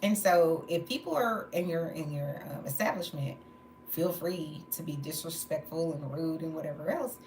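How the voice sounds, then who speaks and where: Late at night at home, a woman livestreams a candid monologue, venting and laughing between stories because she's exhausted from no sleep. Her low voice is a little mellow at a normal pace, and the recording has a roomy echo with faint background noise.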